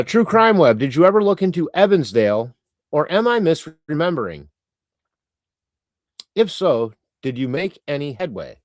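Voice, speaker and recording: A man living in Canada hosts a live stream, chatting loosely and reading out viewer comments in a rambling, irreverent way with casual swearing. His mid-range voice is captured in studio quality with no echo.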